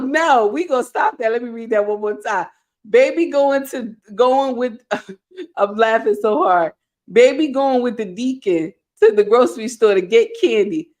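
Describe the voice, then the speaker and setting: A middle-aged woman hosting a live stream, reading viewer comments aloud with animated, playful scolding. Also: on the high side. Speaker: host.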